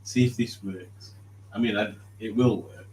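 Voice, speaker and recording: A man's voice: fairly low pitch, steady tone, measured pace, a little mellow, a little hiss or hum. A man hosting a live stream, reading chat aloud in a chatty, jokey way and laughing often. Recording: roomy echo.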